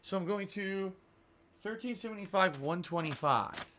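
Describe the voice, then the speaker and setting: A man's voice: high-pitched, animated, moderate pace, sharp tone, slight background noise. A man streaming a game live, rambling, thinking aloud and reading out viewer tips. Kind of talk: live-stream gaming commentary.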